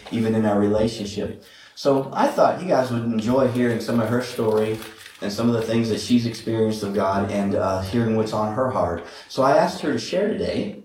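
A man's voice: on the low side, darkish tone, slight background noise. A man pastor speaking informally from the pulpit, introducing a guest and leading a prayer. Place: church sanctuary. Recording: echoey hall, far from mic.

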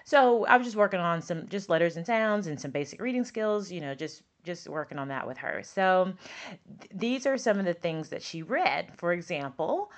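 A woman's voice: on the low side, sing-song, moderate pace, lo-fi sound. A woman hosting a podcast as a speech pathologist and teacher, chatty and emphatic, repeating words for stress. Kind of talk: casual podcast talk.

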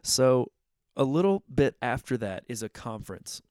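A man's voice: medium pitch, expressive, normal speed, a little mellow, clear, resonant tone, dry recording, studio quality. A man who plays guitar in worship music, telling a personal story in a casual, earnest, candid way. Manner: earnest, candid, conversational with fillers.

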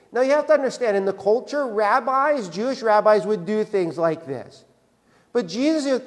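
A man's voice: high voice, expressive, moderate pace, big-room sound. A male pastor preaching a sermon in a church, conversational, often tagging his points with "right?". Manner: conversational, repeats "right?" for emphasis. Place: church sanctuary.

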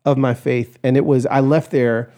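A man guest on a podcast, telling a personal story in an animated way and acting out the voices of others. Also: mid-range voice, moderate pace. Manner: animated, acts out quoted voices, shouts in retelling.

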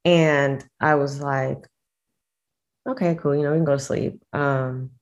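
A young woman as a guest in a casual chat, talking in a relaxed, agreeable way. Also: very deep voice, unhurried. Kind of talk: casual conversation.

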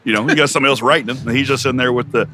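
A man chats easily about food, agreeable and relaxed. His tone is bright and forward, with faint ambient noise behind. He speaks at an ordinary middle pitch. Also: rapid-fire. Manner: laid-back, agreeable. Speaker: guest reviewer. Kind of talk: casual chat.

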